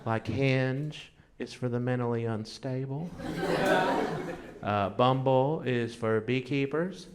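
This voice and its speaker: Slow, halting male stand-up comic. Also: mid-range voice. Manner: dry, halting delivery with many fillers. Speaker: stand-up comedian. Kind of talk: stand-up set. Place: comedy club stage. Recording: live club recording with crowd noise. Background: audience laughter.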